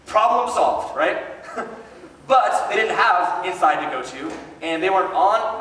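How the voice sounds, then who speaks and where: A man preaching a sermon in a casual storytelling way, joking and animated with chatty asides. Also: high-pitched, measured pace, a little hiss or hum. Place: large hall. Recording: echoey hall from far off.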